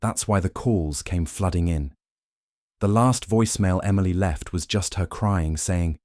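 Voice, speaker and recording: A young man narrating his own dramatic story in the first person, brooding and measured, with a vengeful edge. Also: deep voice, mellow, no echo, clean studio sound.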